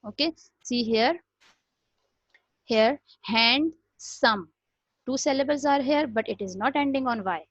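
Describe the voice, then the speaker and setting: A woman's voice: high voice, moderate pace, pauses often, dry recording. Teacherly woman. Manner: explains step by step, repeats "okay", mixes in Hindi phrases. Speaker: English teacher. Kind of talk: classroom grammar lesson. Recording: dry, dull lo-fi recording.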